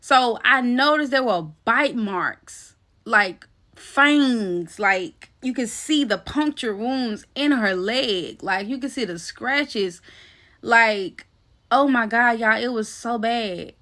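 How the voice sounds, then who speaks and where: A young woman spins a personal story for her viewers in a lively, slangy, profane way. Her voice sits a little high and rings bright and sharp, and she keeps calling the audience "y'all" and "baby.". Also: slow. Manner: swears freely and laughs while telling the story. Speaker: vlogger telling a personal story. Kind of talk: casual storytime chat.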